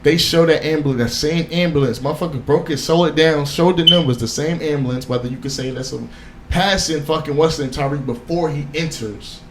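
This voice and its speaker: A man co-hosting a casual podcast chat, talking in an animated, insistent way and swearing freely. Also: fairly high pitch, brisk, background noise. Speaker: podcast co-host. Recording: echoey room with faint ambience.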